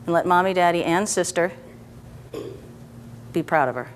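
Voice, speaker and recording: A woman practitioner guiding a client through a therapy session, asking gentle, coaxing questions and checking in often. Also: lowish voice, moderate pace, a little hiss or hum. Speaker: EFT practitioner.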